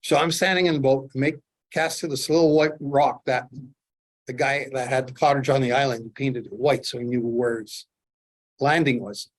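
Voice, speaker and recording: A middle-aged man from Canada demonstrates fly tying, mixing instruction with animated fishing stories. His voice sits in an ordinary middle pitch. He acts out his own excitement as he tells them. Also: moderate pace. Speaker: fly tier, presenter.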